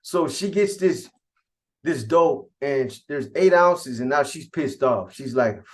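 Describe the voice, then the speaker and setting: A man's voice: medium pitch, animated, unhurried. Slangy male storyteller. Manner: conversational, slangy, addresses the audience directly. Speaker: host. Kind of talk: casual storytelling.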